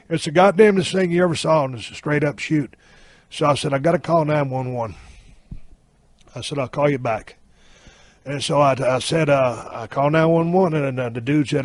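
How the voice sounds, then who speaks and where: A man's voice: a little high, normal speed, no echo. A man in his fifties telling a story in a blunt, heavily profane, drawling way. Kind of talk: casual anecdote telling.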